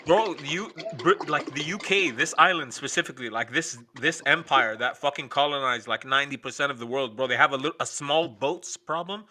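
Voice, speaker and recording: A man's voice: mid-range voice, brisk, few pauses, bright, forceful tone, a little hiss or hum. A man hosting a late-night stream, ranting in a profane, sarcastic, rambling way. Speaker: stream host. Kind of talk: casual ranting chat.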